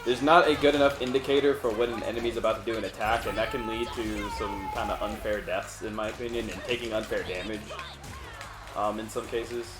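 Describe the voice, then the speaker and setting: A man's voice: fairly low pitch, steady tone, brisk. A man hosting a let's play, talking casually and rambling through co-op gameplay commentary with the odd swear. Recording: echoey room, faint game music.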